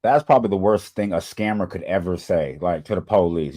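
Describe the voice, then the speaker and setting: A man hosting a reaction video, talking in a casual, slangy way and acting out quick impressions of the people on screen. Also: deep voice, mellow.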